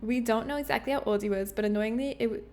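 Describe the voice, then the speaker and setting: Woman streamer, slightly high voice, playful and giggly, casual chat. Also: quick pace, darkish tone. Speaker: game streamer. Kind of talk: casual livestream chat with viewers.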